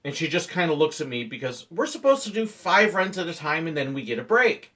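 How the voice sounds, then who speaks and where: Animated man telling playful work stories. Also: a little high, fairly quick. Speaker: former theme park ride operator. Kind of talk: storytelling vlog narration.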